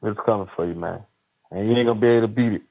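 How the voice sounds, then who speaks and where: A man in casual religious chat, preachy and emphatic, with drawn-out exhortations. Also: fairly low pitch, vocal fry. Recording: tinny phone-line sound.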